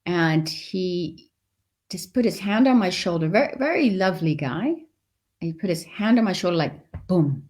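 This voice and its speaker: Middle-aged woman, lowish voice, animated storytelling, does the voices in her story. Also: normal speed. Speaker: guest. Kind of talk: storytelling in a live interview.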